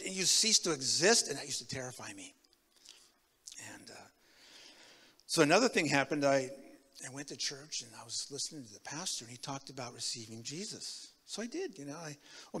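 Bright-voiced man preaching in a reverberant church. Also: medium pitch, a little fast, breathy edge. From Tacoma, Washington. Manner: animated storytelling, swinging from loud to hushed. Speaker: guest preacher. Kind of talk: sermon with personal testimony. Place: church sanctuary.

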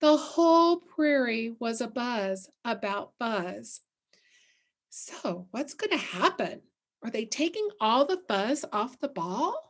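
A middle-aged woman reads a children's picture book aloud in a slow, unhurried lesson. Her voice sits a little high, and she pauses to ask questions before moving on to practical advice for parents. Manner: expressive storybook reading with questions to listeners. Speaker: literacy coordinator.

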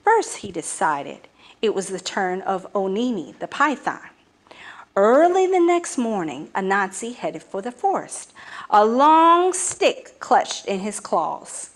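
Expressive woman reading a folk tale. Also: on the high side. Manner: expressive, dramatic storytelling. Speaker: storyteller.

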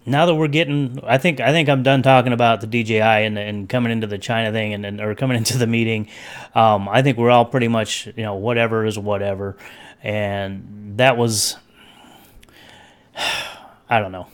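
A man's voice: lowish voice, steady tone, moderate pace. A man hosting a casual livestream over his webcam, rambling between topics and greeting chat viewers by name. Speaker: livestream host.

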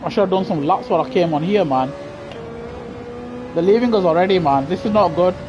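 A man with a British accent giving chatty, excitable live commentary on a racing game over a headset mic, laughing often and grumbling in mock outrage. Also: high-pitched, a little fast, muffled recording, noisy background. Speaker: gaming streamer. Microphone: gaming headset.

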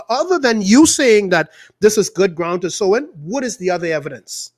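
A Bahamian man preaching with fire and indignation. His delivery swings between loud, emphatic outbursts and quieter asides. He sounds like a pastor pressing his point hard. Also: high-pitched, expressive, normal speed, few pauses. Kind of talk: impassioned preaching.

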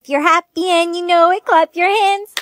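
A woman's voice: extremely high pitch, fairly even intonation, normal speed, a bit bright, dry recording, studio quality. A text-to-speech woman voicing a chanting teen girl. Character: teenage girl chanting a deadly game.

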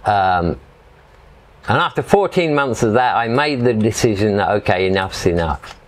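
Middle-aged english guy rambling thru a story, lowish voice, lots of you knows. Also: lively intonation, normal speed, a little hiss or hum. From England. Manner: chatty, rambling, full of "you know". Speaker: guest. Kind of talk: casual storytelling.

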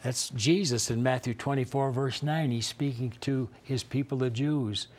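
An older male televangelist preaching with dramatic swings from loud declarations to hushed whispers, husky voice. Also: mid-range voice, fairly even intonation, moderate pace. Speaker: televangelist host. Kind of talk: fiery preaching commentary.

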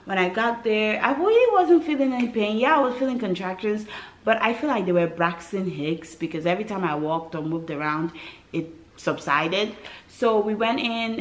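Animated woman telling her birth story. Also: medium pitch, low-quality recording. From West Africa. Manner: animated, dramatic retelling with acted quotes and asides to viewers. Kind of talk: casual storytelling to camera.

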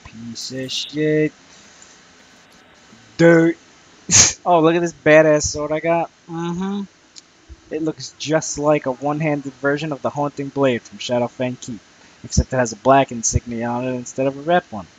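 A man's voice: fairly high pitch, fairly even intonation, normal speed, poor audio. A young man giving crude, rambling let's play commentary, swearing constantly and muttering at the enemies he fights. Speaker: gamer playing solo.

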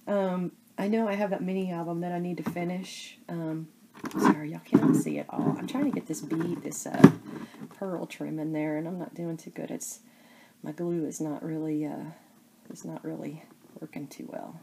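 A woman talks casually to her viewers, her voice low and dark-toned. She rambles and stops halfway through her thoughts, using lots of fillers. A faint hiss sits under the recording. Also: flat delivery. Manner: rambling, halting, many fillers. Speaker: crafting vlogger. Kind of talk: casual chat to camera.

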